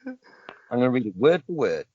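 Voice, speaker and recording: A man hosting a casual podcast, reading odd news stories aloud with a joking edge. His voice swings widely in pitch and often cracks into laughter mid-sentence. The sound is dry and dull, like a lo-fi home recording. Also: sing-song, fairly quick, dark tone, no room sound. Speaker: podcast host.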